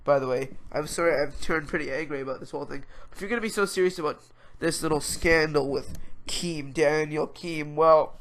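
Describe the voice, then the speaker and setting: A man with a congested, stuffed-up nose rants on his podcast. His voice sits a little high and sounds bright and tense. He rambles in exasperated bursts. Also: fairly even intonation, a little fast. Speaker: podcast host. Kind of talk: casual ranting commentary.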